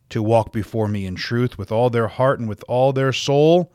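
A man's voice: medium pitch, measured pace, few pauses, a little mellow, no room sound, clean studio sound. A man from South Dakota preaching a podcast sermon as a pastor, stressing key words by repeating them and reading scripture aloud in old-fashioned wording. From South Dakota, USA.

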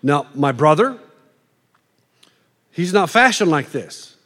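A middle-aged man preaching a conversational sermon, animated and playing out quoted voices in asides. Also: fairly high pitch, takes it slowly. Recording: long reverb of a large hall.

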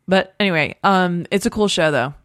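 Woman, low-pitched, podcast co-host, casual rambling chat, dry close sound. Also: normal speed, fairly bright tone, no echo. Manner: chatty, rambling with many fillers.

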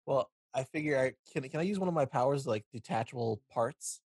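A man's voice: medium pitch, animated, a little fast, a little mellow, breathy edge, no echo, studio quality. A man playing in a tabletop role-playing game, eager and jokey. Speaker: player. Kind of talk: casual tabletop play.

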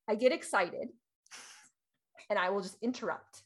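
A woman in her thirties chatting casually as a podcast co-host, animated and laughing, acting out quoted voices. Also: mid-range voice, takes it slowly. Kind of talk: casual chat.

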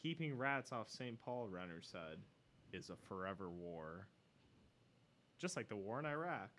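A man's voice: fairly low pitch, sing-song, a little slow, a bit bright, slight background noise. Profane man reading news with snark. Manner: profane, sardonic asides while reading. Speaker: podcast co-host. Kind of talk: casual banter, reading a news article aloud.

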